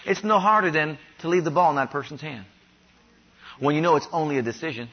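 A man from Ohio preaching a sermon, having the congregation repeat declarations after him and rising louder on each one. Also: on the high side, lively intonation, brisk, slightly rough. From Ohio, USA. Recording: dull lo-fi sound.

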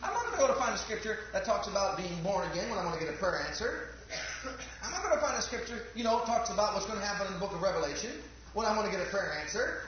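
Male preacher, fervent sermon, high voice, swooping pitch, very echoey room. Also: slight background noise. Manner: fervent, rhetorical questions, calls for amens. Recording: echoey, dull lo-fi church recording.

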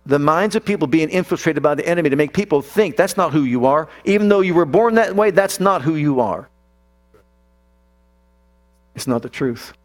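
Preaching as a pastor, this man has a fairly high voice and lively intonation. His sermon is emphatic, full of drawn-out declarations and abrupt falls and climbs.

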